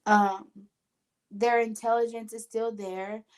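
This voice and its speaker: A woman's voice: a little high, flat delivery, slow pace. Earnest woman medium telling stories. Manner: earnest, emotional storytelling with quoted voices. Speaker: spiritual medium and show host. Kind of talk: casual podcast conversation.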